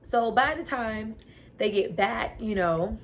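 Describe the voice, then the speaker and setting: A woman's voice: fairly high pitch, slow, a little hiss or hum. A woman reviewer casually and animatedly recapping a TV episode, with lots of "you know". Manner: animated, chatty, uses filler "you know".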